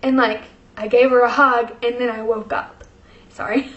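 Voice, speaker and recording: A woman's voice: high voice, sing-song, normal speed, fairly bright tone, echoey room, highs cut off. A young woman vlogger telling a personal story in casual chat, full of fillers, emotional and close to tears. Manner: chatty, many fillers, tearful and laughing.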